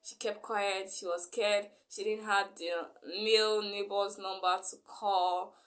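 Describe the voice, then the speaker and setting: A woman's voice: medium pitch, flat delivery, slow pace. A young woman, recounting a story in a rambling vlog style full of fillers. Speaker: vlogger.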